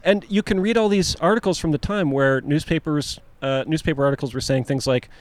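A man co-hosting a casual podcast chat, his voice sitting a little high. He explains things at length, the way he would give a lecture. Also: brisk. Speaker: podcast co-host.

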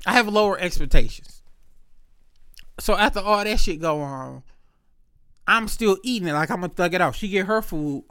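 A young man rants through a story, swearing freely and playing out every part of the exchange himself. His voice sits a little high for a man. The recording is close and dry, with no room sound. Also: smooth, no room sound. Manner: animated, profane, acts out both sides of the story. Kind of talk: casual storytelling rant.

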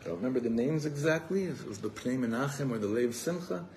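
A man's voice: medium pitch, expressive, quick pace, a little mellow, slight background noise. A man telling a story in a sermon as a rabbi at an evening gathering, acting out the voices of the people in it.

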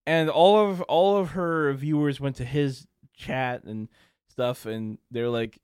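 A man's voice: high voice, animated, moderate pace, dry recording, clean studio sound. A young man hosting a podcast, ranting casually and crudely, laughing often and acting out quoted people in raised voices. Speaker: podcast host. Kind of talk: casual solo rant.

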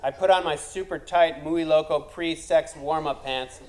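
A man's voice: fairly high pitch, moderate pace, a little mellow, rough recording. A man telling a comic personal story, wry and self-deprecating, building to punchlines.

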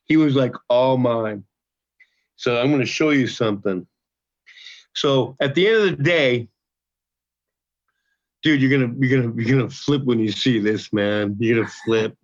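A man in his sixties, a podcast guest, telling a story in a loose, profane, animated way and often repeating himself. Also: medium pitch, moderate pace, pauses often. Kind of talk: casual storytelling. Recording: dull lo-fi podcast audio.

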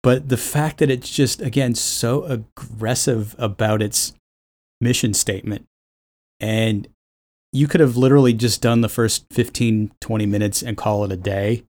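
Man, podcast co-host, rambling and wry, mid-pitched, freely profane. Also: steady tone, unhurried, darkish tone. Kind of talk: casual chat.

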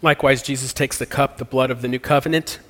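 A man's voice: medium pitch, fairly even intonation, fast, fairly bright tone. A man preaching a sermon and leading communion and prayer in an earnest, conversational way with casual slang. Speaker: pastor. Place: church sanctuary. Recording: long hall reverb.

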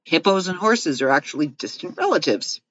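A giggly woman reads fun facts aloud, making jokes as she goes. Her pitch swings widely from line to line. The recording sounds dull and lo-fi. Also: very animated, brisk, fairly bright tone, husky. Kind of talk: casual reading of fun facts with quips.

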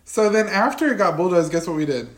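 A young woman co-hosting a podcast, slightly drunk, telling stories in animated, cursing casual chat and acting out quotes. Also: fairly low pitch, fast talker. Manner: animated storytelling, acts out quotes, swears freely. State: tipsy. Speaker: podcast co-host.

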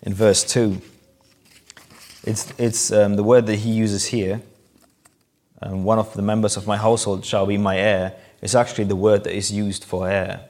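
A man with a fairly low voice preaches a sermon, walking listeners through a scripture passage. He explains in a conversational way and lifts his voice to act out the quoted lines. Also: level tone, moderate pace, darkish tone. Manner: explanatory, acts out quoted lines with rising emphasis.

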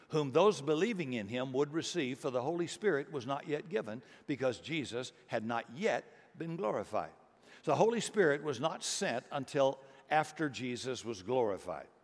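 A middle-aged man preaching a sermon as pastor, earnest and rising to emphatic bursts. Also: a little high. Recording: long hall reverb.

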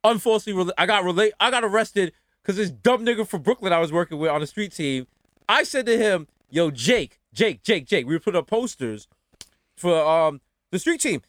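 A man from the Bronx, telling stories on a podcast and jumping into high mocking voices for quotes. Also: animated, a little fast, a bit bright, dry recording, studio quality. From the Bronx, New York. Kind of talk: storytelling.

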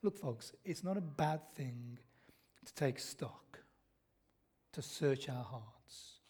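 A man's voice: mid-range voice, animated, slow, darkish tone, husky. A middle-aged man preaching a sermon in a church, telling stories and asking the congregation questions that he answers himself. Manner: storytelling, asks the congregation questions and answers them. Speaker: pastor.

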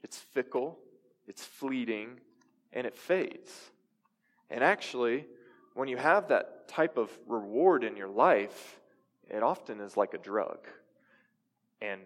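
Young male pastor, mid-pitched, conversational sermon, echoing hall. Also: a bit bright. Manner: conversational preaching with audience questions. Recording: reverberant hall.

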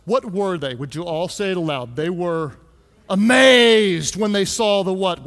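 A man preaching a sermon, joking and asking the congregation to answer aloud. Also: high-pitched. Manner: conversational and joking, calls the crowd to answer aloud. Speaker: pastor. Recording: echoey hall.

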